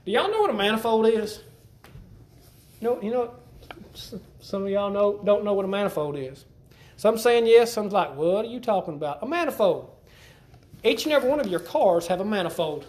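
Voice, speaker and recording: Sing-song and darkish in tone, a high-voiced male preacher talks to his congregation at normal speed, leaving long pauses. The conversational sermon, full of repeated phrases and questions, echoes roomily around a church hall.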